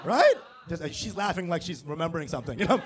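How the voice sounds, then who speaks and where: Young male comic on stage, high voice that swings all over, crude crowd-work patter. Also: slight background noise. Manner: animated, profane, quick asides to the audience. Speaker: stand-up comedian. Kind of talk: stand-up comedy set with crowd work. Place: comedy stage before a live audience.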